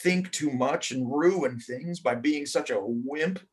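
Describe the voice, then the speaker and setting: A man voicing an excitable young girl in a storybook read-aloud, squealing and breathless. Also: fairly high pitch, slow pace. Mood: gushing.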